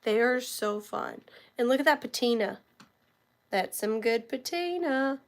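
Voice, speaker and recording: A woman's voice: a little high, expressive, unhurried. A woman with a sore throat from talking, running a live-stream auction from home and chatting with viewers by name as she shows each item. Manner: chatty, greets viewers by name while showing items. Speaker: online reseller hosting a live auction. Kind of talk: live-stream selling chat.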